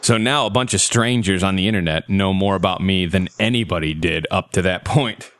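A man's voice: sits low, a little fast, fairly bright tone. A man hosting a podcast in casual chat, joking and sarcastic, laughing often. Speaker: podcast host.

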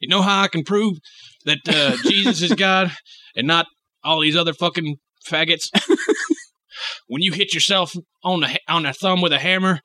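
A man's voice: a little high, moderate pace, sharp tone, no echo. A man co-hosting a podcast in casual chat, sarcastic and swearing freely, laughing often. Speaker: podcast co-host.

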